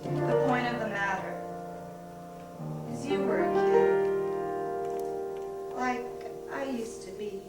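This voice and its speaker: A woman's voice: a little high, takes it slowly, long pauses, loud music behind the voice. A woman performing a bitter, neurotic grown daughter in a one-woman stage musical, singing and delivering a self-mocking comic monologue. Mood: aching. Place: theater stage. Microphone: distant stage recording. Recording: echoey live theater recording from far off.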